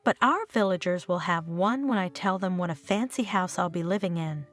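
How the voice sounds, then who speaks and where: A woman's voice: fairly low pitch, moderate pace, faint music behind, close to an everyday voice. A woman voicing a young woman who plays an artless, chatty country girl in an audio story. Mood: eager.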